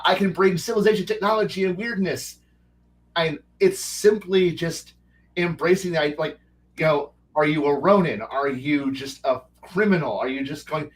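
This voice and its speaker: Rambling man, somewhat high voice. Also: far from the mic, poor audio. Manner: rambling with many false starts and restarts; animated, breaks into quick character voices. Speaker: podcast guest. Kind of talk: casual chat.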